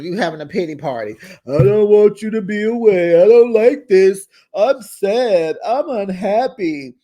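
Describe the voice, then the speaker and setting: A woman hosting a casual reality TV recap, sassy and animated, talking straight to her viewers. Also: low-pitched. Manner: sassy, animated, talks straight to viewers with slang like "child" and "honey".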